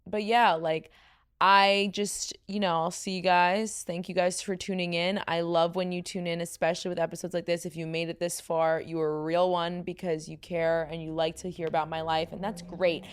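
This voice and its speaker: A young woman hosting a casual podcast speaks in a lowish, smooth voice with a level tone and normal speed. She has a New York accent, sounds tired, rambles, and laughs frequently.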